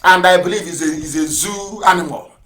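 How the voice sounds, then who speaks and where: A man giving a live radio address, fiery and mocking, firing off rhetorical questions and swinging from loud outbursts to low mutters. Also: fairly quick. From Nigeria. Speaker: broadcaster.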